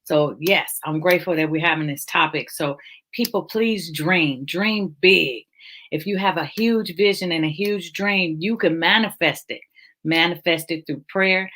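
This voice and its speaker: A woman's voice: fairly low pitch, fairly bright tone. A woman hosting a casual online talk about faith, emotional and encouraging, speaking over a video call. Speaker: host. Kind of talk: casual chat.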